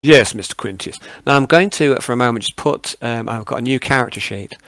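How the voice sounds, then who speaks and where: A man's voice: mid-range voice, fast, fairly bright tone, no room sound. A man narrating a tabletop game as game master, with frequent hesitant ums.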